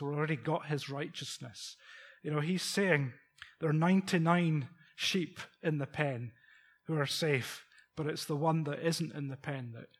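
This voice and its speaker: Male preacher, middle-aged, husky and a touch high, chatty sermon with rhetorical questions. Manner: conversational, rhetorical questions, chuckles.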